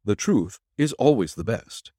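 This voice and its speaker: A man voicing a calm, assured male detective in an audiobook, explaining step by step. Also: lowish voice, no echo, studio quality. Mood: measured. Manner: measured, explaining.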